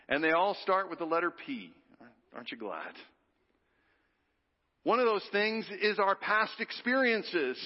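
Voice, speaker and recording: A man preaching a sermon, drawing the congregation into call-and-response, with dramatic pauses and hushed drops on key words. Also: sits high. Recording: dull reverberant hall sound.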